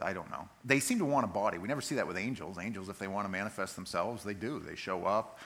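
Low-voiced man preaching casually. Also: animated, fairly bright tone. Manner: conversational, plain-spoken preaching with quick scripture readings. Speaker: pastor. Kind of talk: sermon.

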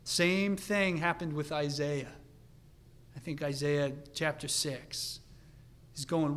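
Man, preacher, sermon, earnest, fervent, hushed asides, slightly high voice. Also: unhurried.

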